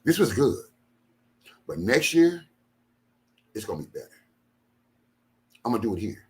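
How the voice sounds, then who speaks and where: Emphatic low-voiced man repeating himself. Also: big pitch swings, moderate pace. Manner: emphatic, repeats phrases, swings from low and quiet to loud bursts. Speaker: minister. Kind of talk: impassioned talk to followers.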